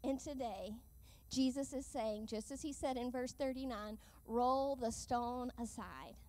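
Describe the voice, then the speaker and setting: A woman preaching a sermon with an earnest, measured delivery, slowing down for emphatic lines. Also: a little high, darkish tone.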